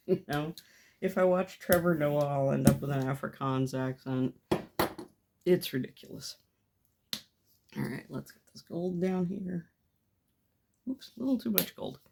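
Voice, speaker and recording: Her lowish, creaky voice has lively intonation, runs a little slow and pauses often, with background noise present. She's a mixed media artist talking through gel plate printing at home, chatty, self-deprecating and laughing at herself a lot.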